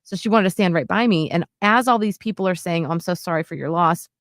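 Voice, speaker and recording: A woman in her late thirties co-hosts a podcast, telling a personal story in casual chat. Her lowish voice moves at a quick pace, and she sounds earnest and heartfelt, with lots of "like"s and restarts. The studio-quality recording has no room sound.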